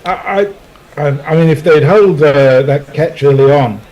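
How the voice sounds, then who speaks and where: A man commentating on cricket, speaking in a measured, slightly hesitant way. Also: a little high, mellow, lo-fi sound. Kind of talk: casual cricket commentary chat.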